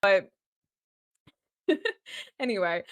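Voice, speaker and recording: A woman's voice: medium pitch, very animated, very slow, dry recording. A woman from Boston hosting a podcast, telling a personal story in a chatty way with lots of fillers and frequent laughs. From Boston, USA. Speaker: podcast host.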